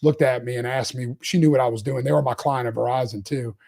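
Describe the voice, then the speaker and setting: A man in his forties tells his story in a relaxed interview. His voice sits at a middling pitch, and he rambles with restarts, breaks into laughs and keeps up an animated run of talk. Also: fast, vocal fry. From Louisiana, US. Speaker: CEO guest.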